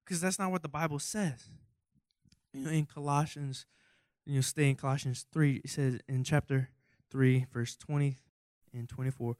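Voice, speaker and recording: This youth preacher's mid-range voice holds a steady, slightly dark, clean tone at a normal speed. He delivers a casual, jokey sermon, rambling through asides and rhetorical questions in a goofy, self-deprecating way. It's recorded in studio quality without any echo.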